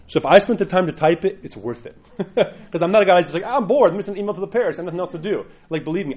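A man's voice: medium pitch, a little mellow, muffled recording. A man, a parish priest, giving an informal sermon in a rambling, chatty way with frequent asides.

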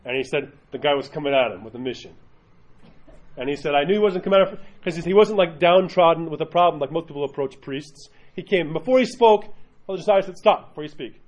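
High-voiced man teaching a class. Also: fast talker. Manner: asks the class questions, uneven pace. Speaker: Orthodox Christian teacher. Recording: dull lo-fi recording.

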